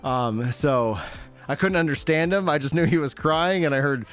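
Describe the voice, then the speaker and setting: Guy in his 30s hosting a stream, rambly and laughy, mid pitch, faint music behind. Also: expressive, measured pace, fairly bright tone. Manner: rambling, laughs often, lots of fillers. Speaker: livestream host. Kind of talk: casual chat.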